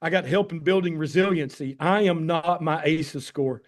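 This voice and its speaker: A man's voice: on the high side, moderate pace. A man in his fifties with a Tennessee Southern accent tells heartfelt personal stories in a folksy, emphatic way during a talk on a call. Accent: Tennessee Southern American. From Tennessee, USA. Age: 50s. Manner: folksy, emphatic, heartfelt, addresses listeners as guys. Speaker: addiction medicine doctor giving a talk. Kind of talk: personal storytelling presentation on a call.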